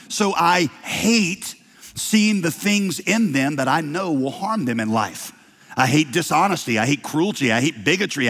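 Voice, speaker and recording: A man preaching a sermon as pastor, emphatic, swinging from loud bursts to hushed low lines. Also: husky. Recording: long reverb of a large hall.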